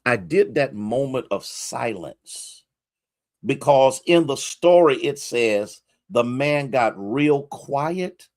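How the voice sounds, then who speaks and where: A man's voice: medium pitch, animated, slow pace, dry recording, studio quality. A male pastor preaching a sermon, repeating key lines for emphasis and greeting listeners by name.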